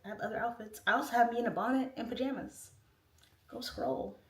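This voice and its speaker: A woman's voice: on the high side, brisk. Chatty woman livestreaming in a roomy space. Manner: chatty and rambling, heavy use of "like". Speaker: livestream host. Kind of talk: casual livestream chat, reading out comments. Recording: roomy echo, distant mic.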